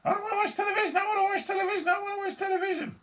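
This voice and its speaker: A tiny bratty boy, squeaky, very high, shrill whine, thin distant tone, storybook reading. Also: flat delivery, rapid-fire, fairly bright tone. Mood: tantrum.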